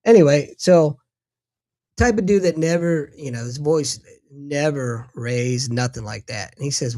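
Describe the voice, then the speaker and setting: Profane storytelling man, animated. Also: fairly high pitch, a little slow. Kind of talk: casual chat, storytelling.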